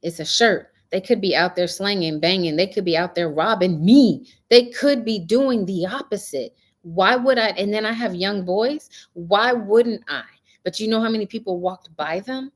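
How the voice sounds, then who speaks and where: A woman's voice: medium pitch, moderate pace. A middle-aged woman hosting a casual spiritual talk, telling stories with animation and a preachy edge. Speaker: host.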